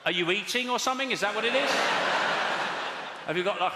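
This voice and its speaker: A man doing stand-up comedy, telling rambling, deadpan stories and bantering with the crowd in a live venue. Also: high-pitched, brisk, heavy background noise. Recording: echoey live venue, loud audience.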